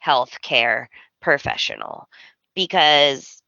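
A woman co-hosting a casual podcast, talking slowly and fillers her speech with "like" as she reacts to a soap opera. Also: a bass voice, wildly swooping pitch, gravelly, bright, forceful tone, no room sound, muffled recording. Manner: slow, drawn-out, heavy use of "like". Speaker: podcast co-host.

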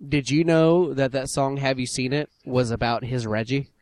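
A man's voice: medium pitch, fairly even intonation, moderate pace, darkish tone. A man co-hosting a podcast in casual chat, joking and laughing often. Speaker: podcast co-host.

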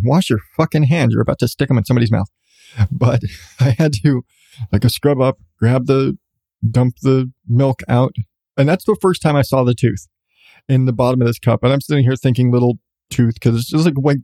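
A man in his thirties hosts a podcast and tells a story at an easy conversational pace, swearing freely and getting animated. His voice is mellow and low-key in tone. The recording is close and dry, with no room sound. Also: dry recording. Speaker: podcast host. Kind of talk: casual storytelling.

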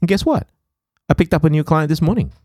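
A man co-hosting a podcast, talking in an animated, rambling way and laughing easily. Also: a little high, fast, no room sound, clean studio sound. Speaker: podcast co-host. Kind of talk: casual podcast chat.

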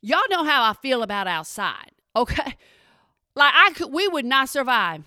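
A woman's voice: high-pitched, big pitch swings, moderate pace, pushed and bright, no room sound, clean studio sound. A woman giving an exasperated, sassy comedic rant to her viewers, calling them y'all. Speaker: vlogger. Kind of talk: comedic ranting monologue.

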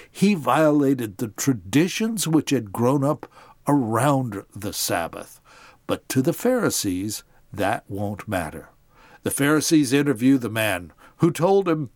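A man's voice: mid-range voice, very animated, slow, no echo, clean studio sound. A man hosting a podcast, narrating a Bible story and explaining it to his listeners. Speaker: podcast host.

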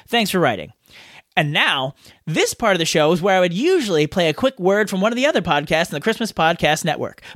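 A man's voice: high voice, a bit bright. A man hosting a podcast, reading listener letters aloud in a playful, jokey way. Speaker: podcast host. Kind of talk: casual podcast chat reading listener mail.

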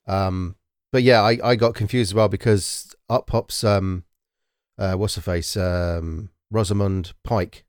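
A man with a lowish, dry-sounding voice chatting casually about a movie on a podcast. He rambles and hesitates, filling gaps with ums as he works his thoughts out. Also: fairly even intonation, unhurried, clean tone, dry recording. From Britain. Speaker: podcast co-host. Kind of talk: casual film discussion.

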